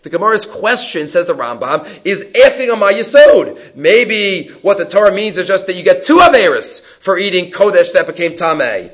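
Reading out Hebrew texts and stressing his English explanations, a man teaches Jewish law in a high, sing-song, fairly bright voice. He speaks at normal speed with hardly any pauses, captured on a dull, lo-fi recording.

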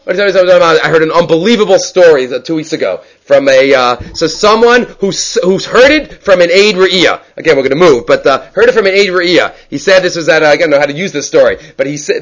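A man teaching a Talmud class, reading Hebrew and Aramaic passages aloud and explaining them in English with animated storytelling. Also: a little high, poor audio. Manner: animated storyteller, many restarts.

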